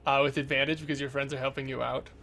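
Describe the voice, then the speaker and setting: A man's voice: medium pitch, little pitch movement, rapid-fire, creaky, pushed and bright, slight background noise. A man narrating as game master of a tabletop game in a loose, rambling way, with lots of fillers.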